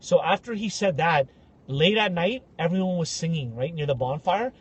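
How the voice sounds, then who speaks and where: A young man co-hosting a podcast, telling animated comic stories and acting out the people in them. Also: a little high, normal speed, slightly rough. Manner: animated, acts out voices in anecdotes. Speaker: podcast co-host. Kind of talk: casual comedic storytelling.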